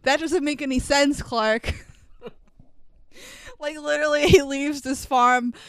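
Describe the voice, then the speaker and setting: High-voiced, sarcastic young woman podcaster. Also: steady tone, a little slow, no echo. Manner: sarcastic, incredulous, swears freely, laughs often. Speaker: podcast co-host. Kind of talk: casual comedic movie recap.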